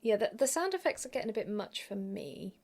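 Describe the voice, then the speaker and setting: A woman's voice: medium pitch, big pitch swings, fairly quick, creaky, darkish tone. A woman co-hosting a podcast, chatting casually in a dry, matter-of-fact way as she recaps a TV episode. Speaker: podcast co-host.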